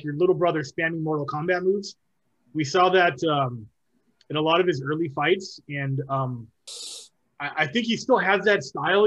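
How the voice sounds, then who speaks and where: In a muffled recording, a podcast co-host known as Director chats casually about MMA fight picks. His voice is fairly high and husky, and he rambles with plenty of ums, restarts and laughter.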